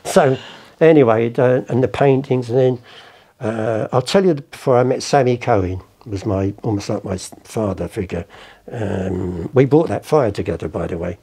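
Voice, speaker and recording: Medium-pitched with vocal fry, a dark tone, and a breathy edge, this man talks at a normal speed. As a podcast guest, he meanders through casual anecdotes, cursing and impersonating the people involved.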